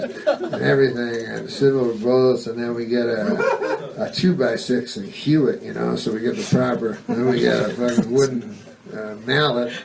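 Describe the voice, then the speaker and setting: A male stand-up comedian telling a rambling, deadpan bit full of swearing and digressions. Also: medium pitch, gravelly, recorded from a distance.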